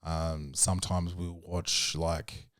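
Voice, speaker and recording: A young man hosting a podcast alone, rambling through a casual film review with fillers, restarts and swearing, and acting out quoted voices with sudden high jumps. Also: flat delivery, takes it slowly, fairly bright tone, dry recording, studio quality. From Australia. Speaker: podcast host.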